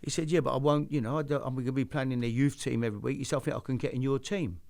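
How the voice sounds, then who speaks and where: A man's voice: medium pitch, steady tone, racing, vocal fry, a little mellow. An older man hosting a chat show, telling stories in a rambling way with many restarts. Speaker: host. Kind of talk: casual storytelling chat.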